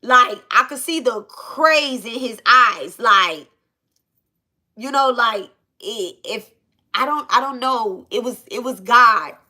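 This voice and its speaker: Black lady doing a storytime, kinda high bright voice, animated, swears a lot. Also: slow. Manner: animated, repeats phrases, swears freely. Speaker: channel host. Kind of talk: casual storytime.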